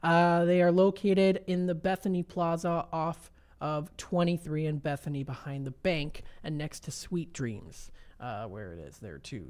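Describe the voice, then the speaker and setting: A Midwestern woman hosts a local radio shopping show, talking into a studio mic. Her voice sits a little low for a woman. She rambles through lists with plenty of "uh"s and easy asides. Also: warm tone. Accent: Midwestern American. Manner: reads menu items aloud with frequent fillers. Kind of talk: casual radio sales chat.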